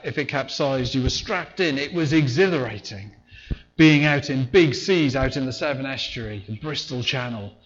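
A man preaches in a relaxed, conversational manner, sometimes performing the voices of the story's characters as he retells it. His voice is medium-pitched, and the recording is lo-fi.

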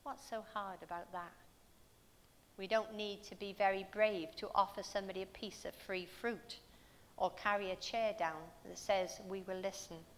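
A woman's voice: medium pitch, steady tone, normal speed, fairly bright tone, in a large hall. A woman preaching a sermon in a church, telling stories earnestly and asking her listeners rhetorical questions.

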